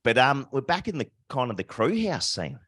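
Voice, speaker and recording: A man's voice: medium pitch, sing-song, moderate pace, fairly bright tone, slightly rough, no echo, studio quality. A man, co-hosting a podcast and telling jokey anecdotes in light banter. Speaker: podcast co-host. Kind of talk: casual chat.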